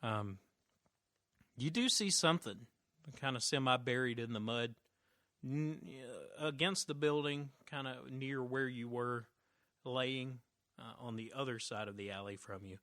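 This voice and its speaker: A man narrating a tabletop game as game master, relaxed, with many fillers and restarts. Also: mid-range voice, unhurried, no room sound, clean studio sound.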